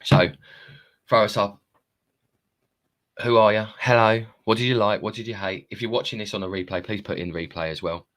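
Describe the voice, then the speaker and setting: A man in his thirties with a low, deep voice chats live to his viewers through a phone. He rambles from thought to thought, drops the odd swear word and laughs at himself. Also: steady tone, moderate pace, pauses often, a bit bright. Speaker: live-streaming self-help coach. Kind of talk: casual live-stream monologue.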